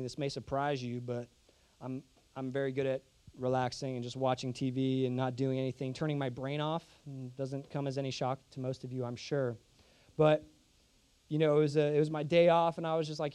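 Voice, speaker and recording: High-voiced young man preaching with humor. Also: a little fast, a little mellow, smooth. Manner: humorous, self-deprecating storytelling. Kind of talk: sermon with storytelling.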